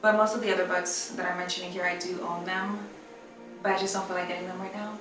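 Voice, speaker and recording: A woman's voice: on the low side, little pitch movement, quick pace, distant mic. A woman book vlogger chatting casually about her reading, rambling with fillers and correcting herself as she goes. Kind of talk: casual chat. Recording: roomy echo, from the mic, faint music.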